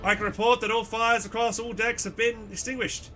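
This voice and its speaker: A man's voice: extremely high pitch, flat delivery, a little fast, sharp tone, faint music behind, pitched above the performer's own voice. A man voicing a polite, formal young ship officer in a game. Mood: dutiful.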